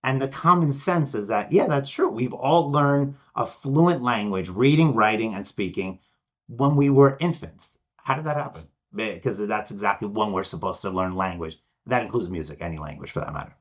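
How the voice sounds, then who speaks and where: A man's voice: lowish voice, moderate pace, highs cut off. A man from Argentina, a podcast guest, telling stories with energy and acting out the people he quotes. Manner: animated storyteller, acts out quoted voices. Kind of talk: podcast interview.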